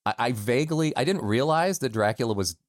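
A man's voice: mid-range voice, animated, a little fast, no echo, clean studio sound. A man from the United States, a voice actor talking candidly and self-deprecatingly as a guest in a casual interview.

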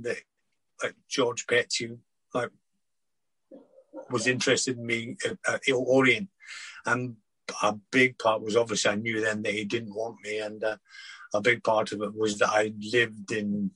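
Older man, husky and halting. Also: fairly low pitch, bright, forceful tone, no room sound, poor audio. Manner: halting, many restarts and fillers, laughs through anecdotes. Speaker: former footballer guest. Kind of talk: relaxed interview storytelling.

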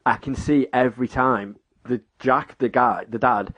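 A man excitedly retelling a frightening experience, filler-heavy and dramatic. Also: mid-range voice, unhurried. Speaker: co-storyteller. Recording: dull, muffled recording.

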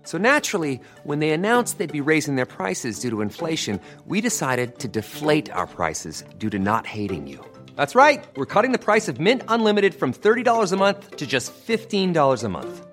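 A man's voice: wildly swooping pitch, moderate pace, fairly bright tone. A man reads a comedic commercial script with a dry, joking edge. His voice leaps up and down across a wide range, with a little music playing behind him. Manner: dry, jokey pitch. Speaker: ad spokesman. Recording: with background music.

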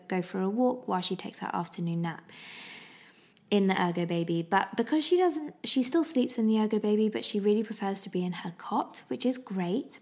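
Young mum chatting away on her vlog, bit of vocal fry, rambly and giggly. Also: mid-range voice, darkish tone. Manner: chatty, rambling, laughs often. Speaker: parenting vlogger. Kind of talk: casual chat.

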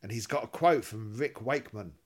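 A man's voice: lowish voice, fairly quick. A man co-hosting a podcast, chatting casually with a teasing, easygoing manner and reading a book blurb aloud. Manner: easygoing, teasing, laughs often. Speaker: podcast co-host.

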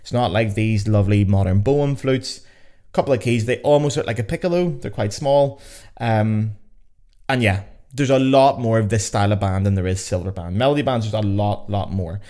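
A man's voice: fairly low pitch, moderate pace, warm tone. A young man with a Belfast accent hosting a casual explainer podcast, chatty and full of sardonic asides. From Northern Ireland. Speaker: podcast host.

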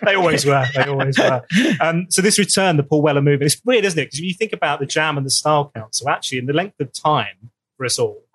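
Quick-talking podcast host. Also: male voice, a little high, a bit bright, dry recording. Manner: asks long, rambling questions. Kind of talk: casual interview chat.

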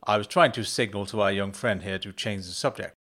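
A man voicing a quiet embarrassed husband. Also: fairly low pitch, fairly quick. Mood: subdued. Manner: quiet, subdued. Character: middle-aged husband, embarrassed, quiet, evasive.

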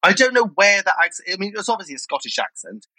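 A man chats fast and emphatically on a podcast, dismissing ideas he disagrees with. His voice sits fairly high and sounds sharp and forward. The close mic is dry, with no room sound. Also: sing-song, no echo, low-quality recording. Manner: opinionated, emphatic, talks in quick bursts. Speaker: podcast co-host. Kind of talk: casual chat.

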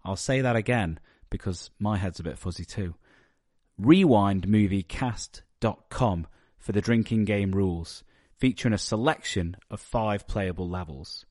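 A man's voice: lowish voice, a little slow, darkish tone, dry recording, clean studio sound. A man, a podcast host, reading a playful, jokey intro. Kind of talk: scripted intro.

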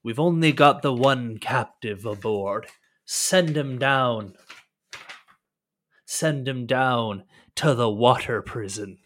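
A man doing a commanding pirate captain who barks short, gruff orders. The voice rings bright and forceful, and the captain is stern and sure of his crew. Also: medium pitch, takes it slowly.

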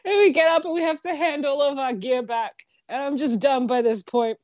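A woman co-hosting a podcast, telling a story in a casual, animated way, laughing often and swearing freely. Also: high-pitched, normal speed, dry recording, highs cut off. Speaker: podcast co-host.

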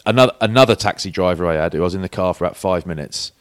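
Recorded with clean studio sound and no echo, a man in his forties co-hosts a podcast, talking very fast in a low, clean voice. He's a chatty storyteller who performs the quoted voices in his anecdotes.

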